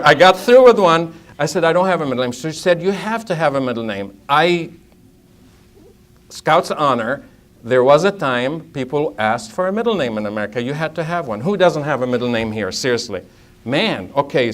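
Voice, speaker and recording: A middle-aged man from Lebanon, telling a humorous story at a conference and acting out both sides of the dialogue. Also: on the high side. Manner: animated, acts out both sides of dialogues, laughs often. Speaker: speaker at a conference. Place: conference hall.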